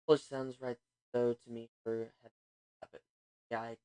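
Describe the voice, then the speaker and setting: A man's voice: medium pitch, flat delivery, measured pace, mellow, smooth, no echo. Rambling man chatting on a game stream. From United States. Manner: rambling, thinking aloud. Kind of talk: casual gaming livestream chat.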